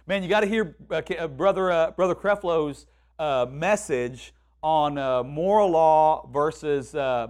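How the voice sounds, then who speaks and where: A man with a high voice preaches in a loose, conversational way. He restarts and repeats phrases, then slips into quoted voices to act out what people say. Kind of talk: sermon.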